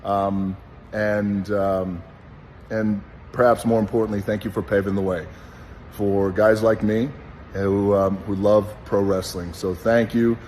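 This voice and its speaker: A middle-aged man, a former pro wrestler, giving a heartfelt personal tribute in an earnest, slow and deliberate way. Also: lowish voice, level tone, a little mellow. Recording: long reverb with faint background noise.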